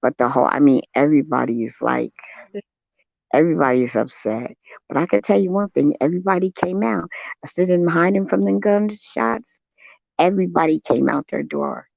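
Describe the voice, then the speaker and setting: An older man with a gravelly, fry-edged voice that sits a bit high for a man. He tells a personal account in an earnest, shaken way. The sound is dull and lo-fi, dry and close. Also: moderate pace, no room sound. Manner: earnest, shaken storytelling with soft affirming hums. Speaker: guest on a live stream. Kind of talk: casual chat, personal account.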